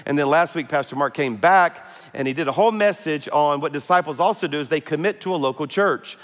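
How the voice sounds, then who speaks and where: A man's voice: a little high, a little fast, fairly bright tone, long reverb tail. A male pastor, preaching a conversational sermon with frequent fillers. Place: large church auditorium.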